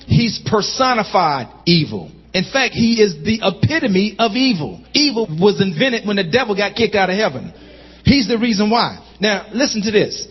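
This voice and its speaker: High-voiced preacher in a reverberant hall. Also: male voice, husky. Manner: call-and-response preaching, rising to shouts. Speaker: pastor. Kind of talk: sermon. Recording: muffled sound with long hall reverb.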